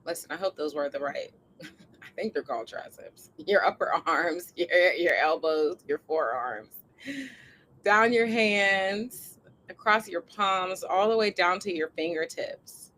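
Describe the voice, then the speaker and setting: Gentle woman guiding a body scan. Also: mid-range voice, slight background noise, low-quality recording. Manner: gentle, encouraging, slow guiding cadence with soft laughs. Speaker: coach hosting a co-planning session. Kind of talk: guided body scan meditation. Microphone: live online session.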